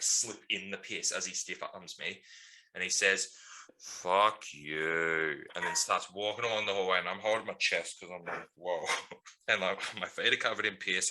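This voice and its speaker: Low deep guy with a punchy bright voice, rambly storyteller on a mates podcast. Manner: rambling, laughing, full of ums. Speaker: podcast co-host. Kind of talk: casual storytelling chat.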